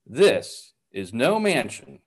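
Guy reading gentle eldest brother, soft and patient, pitch still moves around, storybook. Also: big pitch swings, slow pace, slightly rough, exaggerated voice.

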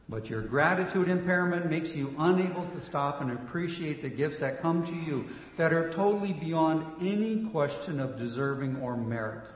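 A man acting a calm counselor who leads his client with patient questions. His voice sits slightly high. It is recorded in a long-echoing hall, with a dull, muffled sound. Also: close to an everyday voice. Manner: measured, probing, leading questions. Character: calm, probing male counselor, gently challenging. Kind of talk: stage play dialogue.

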